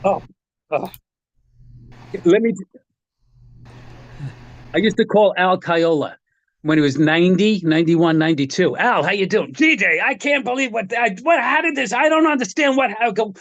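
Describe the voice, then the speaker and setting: A man's voice: high voice, expressive, normal speed, pauses often, a bit bright, no room sound, muffled recording. A man telling casual anecdotes as a guest on a video-call chat, acting out the people he quotes and laughing often. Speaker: guest, guitar tech. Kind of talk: casual storytelling.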